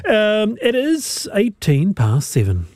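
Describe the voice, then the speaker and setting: A man's voice: high-pitched, huge pitch swings, slow pace, darkish tone, no echo. A man hosting a radio show in a studio, chatty and playful with some hesitant restarts. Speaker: radio host. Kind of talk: casual radio chat. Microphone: studio microphone.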